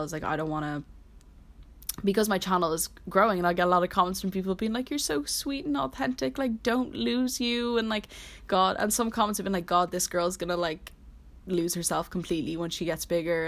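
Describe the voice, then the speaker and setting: A woman's voice: on the low side, steady tone, brisk. A woman in her early twenties talking casually and earnestly as a solo host, rambling with constant "like" fillers. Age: 20s. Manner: rambling, heavy use of "like", earnest. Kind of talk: casual solo podcast chat. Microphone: laptop.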